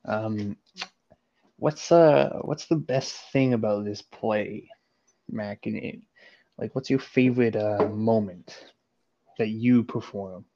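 A man hosting a casual chat, playful and quick to laugh and swear. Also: lowish voice, dark tone, a little hiss or hum. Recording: dull lo-fi sound.

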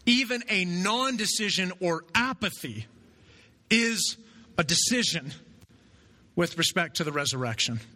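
Man, pastor, sermon, high voice, very bright and forceful, conversational, rhetorical questions. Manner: conversational, asks "right?" often.

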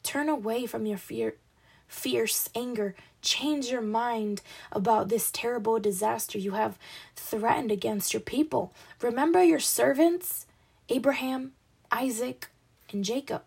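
Woman reading the bible, slow and a bit husky, keeps tripping over words and saying sorry. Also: a little high. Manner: apologetic, stumbling over words, laughing at own mistakes. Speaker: Bible reader.

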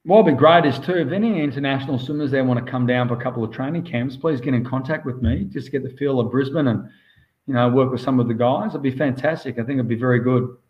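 An Australian man talking casually on a podcast. He is a swim coach and a lively storyteller who tosses "mate" into nearly every line. His voice sits mid-range, and the recording is slightly dull and lo-fi. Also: medium pitch, quick pace. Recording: muffled lo-fi audio.

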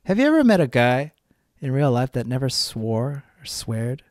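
A man's voice: medium pitch, sing-song, moderate pace, darkish tone, dry recording, clean studio sound. Blunt, swearing man ranting solo. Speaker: podcast host. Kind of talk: solo podcast monologue.

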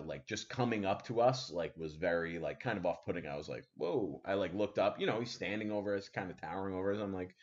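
Low-voiced man telling a story animatedly. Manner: animated, full of fillers and acted-out quotes. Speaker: podcast host. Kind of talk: casual storytelling. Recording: dull lo-fi sound.

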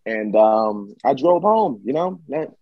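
A man telling a story in casual chat, dramatic and animated, acting out what people said. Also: mid-range voice, takes it slowly, dry recording, lo-fi sound. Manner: animated, dramatic retelling with acted-out quotes. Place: Michigan.

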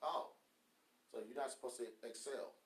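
A man with a high, bright, forceful voice gives a motivational talk on his podcast. He preaches in emphatic bursts and fires off rhetorical questions. The room around him has a noticeable echo. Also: animated, fast. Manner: emphatic preacher-like cadence with rhetorical questions, swinging between soft and loud. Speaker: podcast host.

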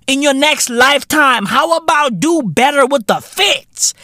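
A man hosting a podcast, delivering a profane comedic rant full of street slang and sudden shouted bursts. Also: very high voice, lively intonation, unhurried, dry recording, studio quality. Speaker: podcast host.

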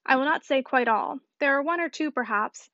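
An arch, playful young lady, sure of her own wit, as a woman reads her. The voice is high. The recording sounds dry and dull. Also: a little fast, no echo. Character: witty self-assured young lady.

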